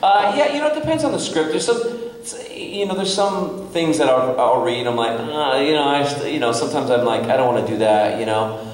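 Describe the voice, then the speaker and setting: A man's voice: mid-range voice, brisk, far from the mic. Laughing man telling a story in an echoey hall. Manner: animated, laughing, full of fillers. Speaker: actor guest at a convention panel. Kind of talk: casual storytelling to a crowd. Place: convention hall panel room. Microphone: distant from the recording mic.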